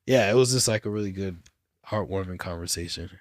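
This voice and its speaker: A man's voice: low voice, fairly quick, no room sound, studio quality. A man co-hosting a football podcast, telling a story in an easygoing way, full of fillers like "like". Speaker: podcast co-host. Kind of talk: casual chat.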